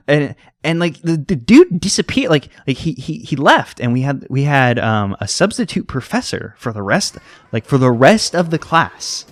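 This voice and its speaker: This young American let's play host has a medium-pitched voice recorded with no echo. His casual commentary over gameplay wanders into side stories and tangents and is packed with fillers.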